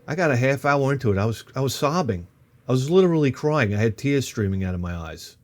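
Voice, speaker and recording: Rambling, animated man in his fifties. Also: medium pitch, fast talker. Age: 50s. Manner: animated, swears freely, jumps between tangents. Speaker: vlogger. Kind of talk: rambling comic storytelling.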